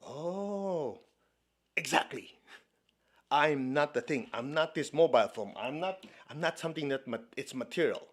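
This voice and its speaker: A man's mid-range voice moves at a moderate pace as he, a meditation teacher from China, gives a spiritual talk. Playful and conversational, he often checks in with his audience, breaking into frequent laughter and playful asides.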